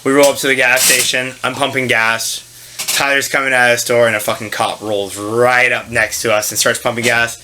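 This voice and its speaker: A man hosting a casual chat, telling stories with lots of swearing and loud put-on voices. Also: medium pitch, fairly quick. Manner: storytelling, swearing, loud animated impressions. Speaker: podcast host. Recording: faint background noise.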